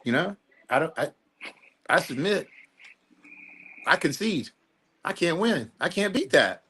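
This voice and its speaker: Bright-voiced rambling older man. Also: on the high side, very animated, measured pace, a little hiss or hum. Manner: rambling, laughing, self-interrupting. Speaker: podcast co-host. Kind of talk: casual crude banter.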